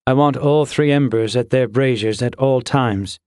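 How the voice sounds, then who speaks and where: A man's voice: medium pitch, moderate pace, a little mellow, no room sound, studio quality, natural voice. A man voicing a stern captain. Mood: dry, composed. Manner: terse orders. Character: commanding male captain, stern and steady.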